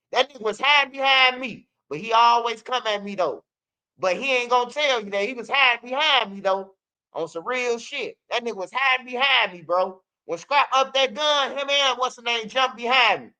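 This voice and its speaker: A man from Chicago with a Chicago accent, telling street stories casually in an animated, profane way and acting out what others said. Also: very high-pitched, smooth. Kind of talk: casual storytelling.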